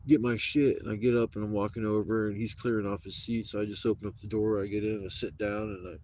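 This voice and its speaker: A man's voice: on the low side, flat delivery, fast talker, darkish tone. A man on a live stream telling a story in casual talk, rambling and swearing a lot.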